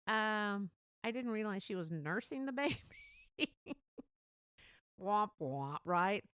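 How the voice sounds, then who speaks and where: A woman's voice: medium pitch, very animated, takes it slowly, clean tone, no room sound, studio quality. A woman hosting her podcast, chatting in a rambling way, laughing often and acting out what people said. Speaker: podcast host. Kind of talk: casual monologue.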